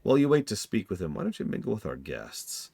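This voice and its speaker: A man voicing a formal male aide with an exaggerated German accent, speaking in a deliberate, courtly way. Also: lowish voice, wildly swooping pitch, gravelly, warm tone, husky, no room sound, heavily acted. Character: aloof male commander's aide, formal and smooth.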